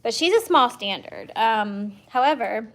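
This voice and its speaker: A woman's voice: on the high side, expressive, unhurried, a bit bright, a little hiss or hum. A woman dog breeder hosting a casual livestream from her home, chatting in a rambling way with fillers and restarts, and now and then cooing baby talk at her dogs. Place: at home with a litter of puppies.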